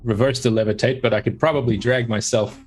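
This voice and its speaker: A man's voice: mid-range voice, steady tone, quick pace, darkish tone. A man playing a tabletop game, casual and wry, joking at his own bad rolls. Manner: wry, self-mocking. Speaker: player.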